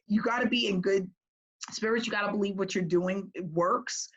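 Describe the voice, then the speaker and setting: Woman coaching her team, chatty and energetic, says "right?" a lot, muffled lo-fi sound. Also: medium pitch, normal speed. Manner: energetic and conversational, often tagging "right?". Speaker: business coach. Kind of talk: casual coaching call.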